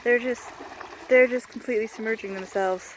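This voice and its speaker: High-voiced woman filming outdoors, playful. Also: steady tone, moderate pace, a little hiss or hum. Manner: playful, theatrical, mock-grand phrasing. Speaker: vlogger. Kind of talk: casual outdoor vlog commentary. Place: outdoors on a farm with alpacas.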